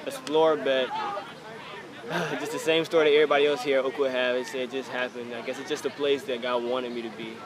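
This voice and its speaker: A man's voice: mid-range voice, level tone, fairly quick. A man reflecting in a resigned way during an outdoor documentary interview. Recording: loud outdoor traffic noise.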